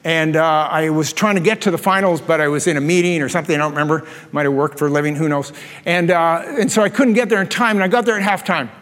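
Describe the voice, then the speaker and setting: Male pastor, high voice, lively anecdotal sermon, long church-hall reverb. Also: fast. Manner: animated storyteller, laughs at his own jokes.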